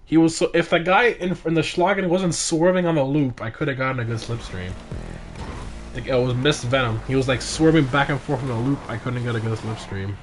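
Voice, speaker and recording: Excitable male gaming streamer. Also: medium pitch, fairly quick, over music. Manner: excitable, frequent exclamations during races. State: tired, yawning. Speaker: livestream host of game car meets. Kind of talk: casual gaming livestream commentary.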